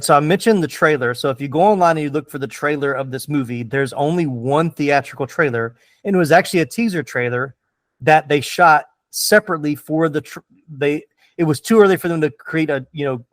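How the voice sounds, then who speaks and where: A man hosting a movie podcast in an easy, enthusiastic way, voice a touch higher than most men. He talks loosely with lots of fillers, recorded dry and close. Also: brisk, no room sound. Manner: enthusiastic, chatty, many fillers. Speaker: podcast host. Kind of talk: casual movie podcast chat.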